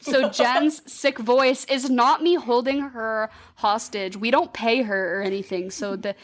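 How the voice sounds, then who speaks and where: A woman co-hosting a podcast in casual chat, giggly and quick to laugh. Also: a little high, fairly even intonation, slight background noise. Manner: giggly, quick to laugh, tries goofy accents. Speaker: podcast co-host.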